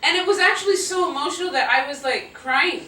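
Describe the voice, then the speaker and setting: A woman in her fifties, a guest speaker answering audience questions, telling stories in an animated, laughing, self-deprecating way. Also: high voice, brisk. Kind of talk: live audience Q&A storytelling. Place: auditorium with audience. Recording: roomy hall sound from a distant mic.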